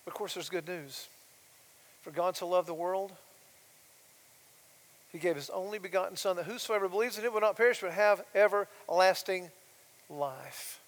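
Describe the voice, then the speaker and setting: High-voiced preacher in a big hall. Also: male voice, moderate pace, pauses often. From United States. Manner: swings from loud emphatic declarations to soft quiet asides, asks rhetorical questions. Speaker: pastor. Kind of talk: sermon. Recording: long reverb of a large hall.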